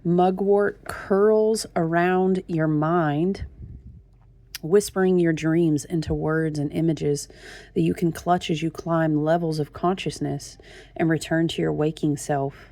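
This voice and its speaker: A woman's voice: on the low side, creaky, a little mellow, no echo. A woman tarot reader in a gushing, chatty talk to her viewers, often calling them y'all. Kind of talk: casual chat.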